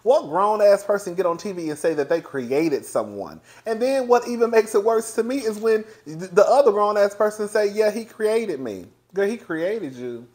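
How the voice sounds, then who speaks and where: A young man with a fairly high voice gives a casual, sassy commentary on a reality TV reunion. He talks in a loose, chatty way, swears freely and laughs often. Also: sing-song, normal speed, hardly any pauses, darkish tone. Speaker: reality TV reviewer.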